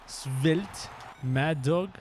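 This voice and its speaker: A man streaming a motorbike game live, chatting excitedly to his viewers while he plays. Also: a little high, extremely slow, a little hiss or hum. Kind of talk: live-streamed gameplay chat.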